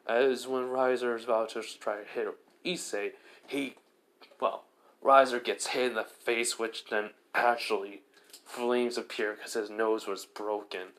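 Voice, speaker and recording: A man's voice: mid-range voice, steady tone, a little slow, fairly bright tone. A man casually telling a fan fiction story, rambling with lots of fillers and restarts.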